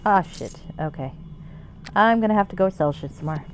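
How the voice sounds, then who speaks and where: A woman's voice: on the low side, lively intonation, normal speed. A woman streamer giving casual gameplay commentary, chatty, swearing freely and talking to the game's characters. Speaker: game streamer. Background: game music.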